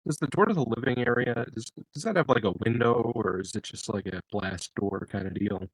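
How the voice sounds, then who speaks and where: A man with a low, husky voice chats casually as a player in a tabletop game, repeating words as he asks questions. He sounds a little far from the mic, in a dry setting. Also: fairly quick, no echo.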